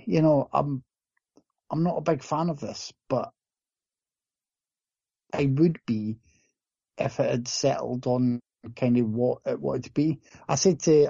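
A man from the UK talks through a film in a hesitant, musing way. His voice is gravelly and husky with a mellow tone. The recording sounds dull and lo-fi. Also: medium pitch, dry recording. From United Kingdom. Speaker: film reviewer. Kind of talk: casual movie review chat.

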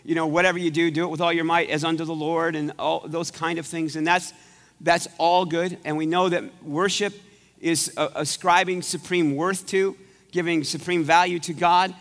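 A pastor with a somewhat high, slightly bright voice preaches a conversational sermon at a normal pace with little pitch movement. He rambles, often restarting sentences, and his voice echoes around the church sanctuary.

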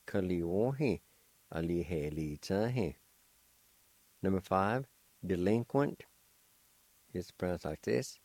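Slow, patient man with a deep voice. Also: lively intonation, darkish tone, no room sound. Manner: slow, patient, careful letter-by-letter spelling. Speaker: language teacher and radio host. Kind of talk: slow spelling and pronunciation lesson.

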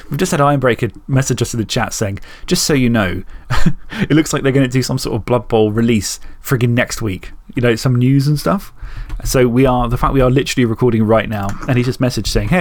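A man co-hosting a tabletop game podcast, chatting casually, animated and thinking aloud, with some swearing. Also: medium pitch, dry recording. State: hiccuping. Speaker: podcast co-host. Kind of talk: casual chat.

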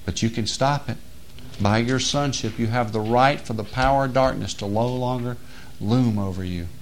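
A male preacher delivering a sermon in an ordinary mid-range voice. He drops into quiet, low explanation, then climbs into loud, emphatic declarations. He slows and stretches key words for weight. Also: slight background noise.

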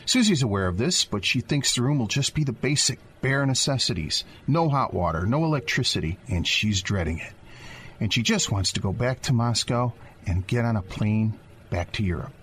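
Expressive male radio storyteller. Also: medium pitch, normal speed, a little hiss or hum. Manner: descriptive storyteller, addresses the listener. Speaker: narrator. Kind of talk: radio drama narration.

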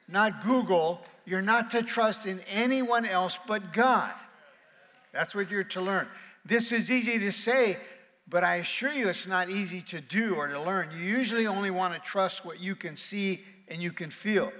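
Pastor, man, high bright voice, lively sermon in a reverberant auditorium, teases and prompts the crowd. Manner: playful, calls on the congregation to respond. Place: large auditorium with balcony.

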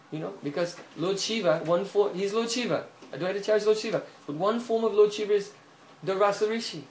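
Animated preacher with roomy echo. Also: male voice, sits high, quick pace, hardly any pauses. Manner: animated storyteller, frequent "hmm?" checks, chuckles. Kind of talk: sermon storytelling. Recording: echoey room, faint hiss.

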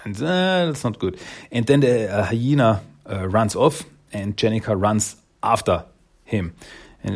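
A man's voice: fairly low pitch, breathy edge. A man casually retelling a story, rambling and correcting himself as he goes. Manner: rambling, self-correcting, laughs often.

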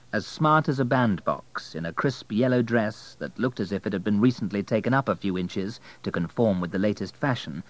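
A man narrating an audiobook in a steady, measured way. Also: fairly low pitch, low-quality recording.

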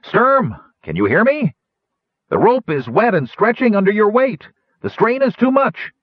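A man voicing an excitable male gnome airship pilot who shouts in a very high voice over a storm. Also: a little slow, no echo, dull audio, exaggerated voice. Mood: shouting.

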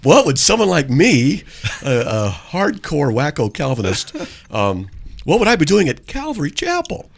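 Lively joking radio host. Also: male voice, a little high, normal speed, creaky, no echo. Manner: animated, joking, rambling. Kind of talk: casual call-in radio talk. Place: radio studio.

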